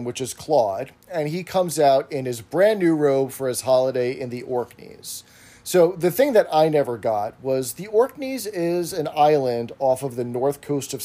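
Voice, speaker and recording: A man on a podcast, casually recapping an episode in a steady, explanatory way. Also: fairly high pitch. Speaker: podcast co-host.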